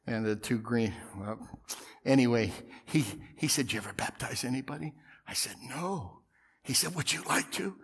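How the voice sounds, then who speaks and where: A middle-aged male pastor telling a story in a sermon, swinging from loud outbursts to hushed whispers. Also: medium pitch.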